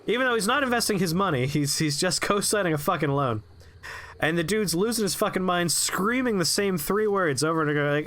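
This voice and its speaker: Animated, profane male streamer. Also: high voice, brisk. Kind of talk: casual storytelling during a game stream.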